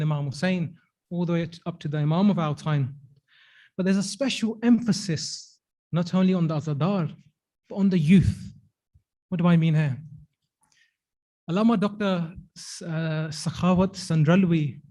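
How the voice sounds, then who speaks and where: A man's voice: a little high, a little mellow. A man with a British accent giving a sermon, telling a story with quoted dialogue in an earnest, emphatic way and asking rhetorical questions. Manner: asks rhetorical questions to the audience. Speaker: speaker at a religious gathering.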